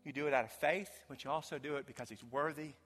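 A pastor preaching a sermon to his congregation, emphatic, swinging from loud declarations to hushed low lines. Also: fairly even intonation, quick pace, soft background music. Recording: long hall reverb.

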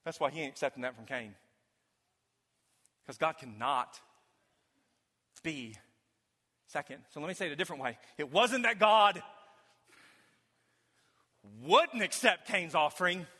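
A pastor preaching a sermon to his congregation, emphatic, swinging from loud declarations to hushed low lines. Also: animated, moderate pace, long pauses. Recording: long hall reverb.

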